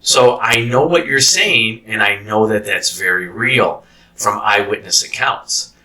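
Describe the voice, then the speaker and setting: Bright-voiced man telling a story, distant mic. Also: on the low side, a little slow. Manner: animated storyteller. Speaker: host and former corrections officer. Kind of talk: casual storytelling interview.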